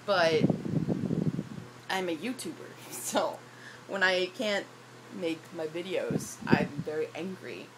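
Young woman vlogger, hoarse, frustrated and rambling, slightly low voice; phone recording with loud noise. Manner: frustrated, rambling, self-deprecating. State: hoarse from shouting. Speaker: YouTuber. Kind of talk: casual vlog rant.

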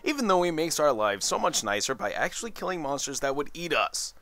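A man's voice: fairly high pitch, big pitch swings, brisk, bright, forceful tone, dry recording. A tired man doing rambling, sarcastic commentary over a video game. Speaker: let's play commentator.

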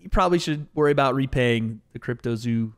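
A man's voice: medium pitch, brisk, clear, resonant tone. A man co-hosting a podcast, talking casually and at length while reacting to video clips, swearing now and then. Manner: animated, talkative, swears casually.

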